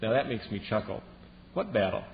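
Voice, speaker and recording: A man preaching a sermon as a Bible teacher, telling the story in a lively way and acting out the lines he quotes. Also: lowish voice, a little fast, vocal fry. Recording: dull lo-fi recording with long reverb and faint hiss.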